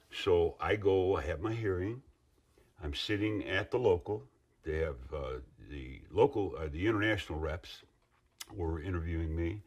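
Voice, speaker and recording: A middle-aged man in an interview, recounting past events in a rambling, earnest way with restarts and asides. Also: low voice. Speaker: interviewee, former union member. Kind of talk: interview recollection.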